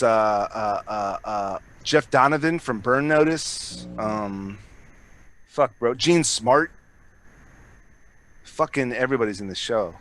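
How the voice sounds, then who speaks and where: A man's voice: mid-range voice, a bit bright, dry recording. A man co-hosting a podcast, rambling in casual chat, swearing a lot and restarting his sentences. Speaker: podcast co-host.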